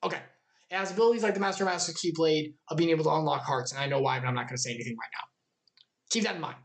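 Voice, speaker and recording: Hosting a video game lore channel, a woman recaps game lore with enthusiasm and playfulness, frequently laughing at her own jokes. Her voice sits low and moves at a racing pace, with a little hiss or hum in the audio.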